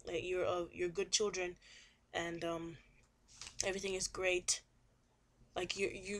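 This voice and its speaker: A young woman with a fairly low, flat-sounding voice talks fairly quickly over a slight hiss or hum. She's a student casually summarizing a novel chapter aloud, chatty and rambling, with plenty of fillers and repetition.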